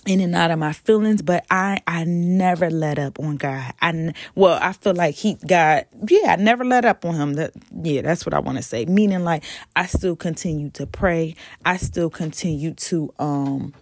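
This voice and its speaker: A woman talks through her faith on a home podcast, her voice low and gravelly with a little fry. She rambles in a casual way, corrects herself mid-sentence, and speaks straight to listeners as "y'all." The recording is dry and close, with no room sound. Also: no echo. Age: adult, mother of a toddler. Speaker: podcast host.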